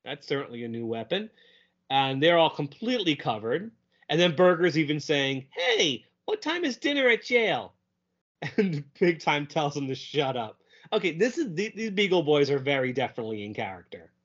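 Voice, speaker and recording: Animated man chatting on a podcast. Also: on the high side, fairly quick. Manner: animated, laughs often, quotes characters in funny voices. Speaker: podcast co-host. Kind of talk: casual chat. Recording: dull lo-fi audio.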